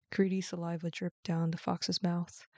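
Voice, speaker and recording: A woman hosting a show and reading a bedtime story aloud in a gentle, expressive way. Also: on the low side, moderate pace, no echo. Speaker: host and storyteller.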